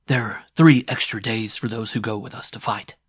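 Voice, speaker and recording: A man's voice: on the low side, steady tone, normal speed, breathy edge, dry recording, clean studio sound. A man playing a cocky young warrior. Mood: insistent. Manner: sharp, insistent. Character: young male warrior, cocky, grinning and pushy.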